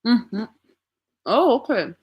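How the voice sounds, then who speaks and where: A woman's voice: on the high side, big pitch swings, slow, darkish tone, slightly rough. A young woman casually chatting with her stream audience, thinking aloud and asking rhetorical questions. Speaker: livestream host reading chat. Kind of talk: casual chat.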